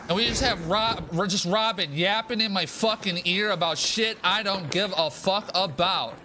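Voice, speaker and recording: A young man streaming a game, talking in a casual, profane, animated rant and repeating himself for emphasis. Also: sits high, moderate pace, background noise. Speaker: gaming streamer. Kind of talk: casual live-stream rant while gaming.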